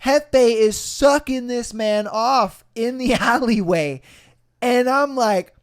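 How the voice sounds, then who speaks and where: This young podcast host has an extremely high, clear, resonant voice and a slow pace. Telling his story casually, he swears heavily, stays animated, and acts out quoted lines in character voices.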